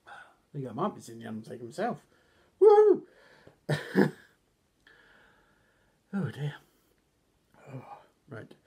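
Man, casual recap, husky voice, rambling, self-deprecating, coughs often. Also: medium pitch. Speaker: wrestling reviewer.

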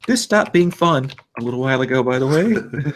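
Lively, stammering male player. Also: medium pitch, a little fast. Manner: stammering, wry. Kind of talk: playing a tabletop game.

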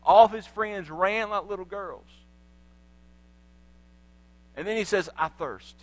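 A man's voice: high voice, slow, dry recording, low-quality recording. A man preaching a sermon in church, telling the story animatedly and acting out the voices of the people in it. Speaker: pastor. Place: church sanctuary.

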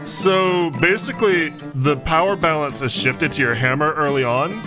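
A man's voice: fairly high pitch, moderate pace, music in the background. A man from Texas giving casual, joking gameplay commentary with chatty, self-mocking asides. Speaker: let's play host.

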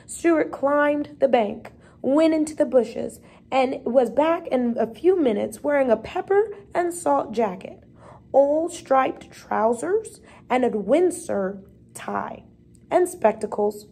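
A woman with a steady, measured delivery, reading a storybook chapter aloud. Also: high voice, breathy edge. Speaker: reader.

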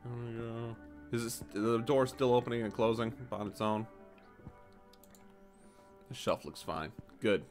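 A man giving casual, animated commentary while playing a store game, jumping to high excited exclamations and mock-polite shopkeeper lines. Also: a little slow, long pauses, soft background music. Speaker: gaming YouTuber.

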